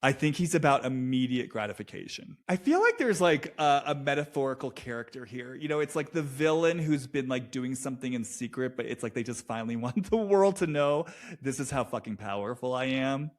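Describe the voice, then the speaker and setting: A man's voice: medium pitch, expressive, a little fast, hardly any pauses. Rambling, casual man breaking down drama. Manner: loose and rambling, many fillers and restarts, swears freely. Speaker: commentator on a reality show. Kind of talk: casual analytic monologue.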